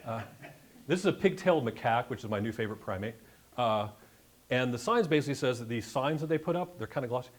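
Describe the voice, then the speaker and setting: An expressive, fast-talking man with a medium-pitched voice is the guest presenter at a bird club meeting. Before a live audience in a meeting room, he gives a chatty slide-show talk about a birding trip, full of jokes and asides.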